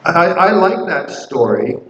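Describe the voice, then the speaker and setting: A man's voice: on the high side, sing-song, measured pace, a bit bright. Man teaching a buddhism class, rambling storyteller, roomy sound, dull faint-hiss recording. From Canada. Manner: rambling, storytelling, many restarts and fillers. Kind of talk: casual dharma class teaching.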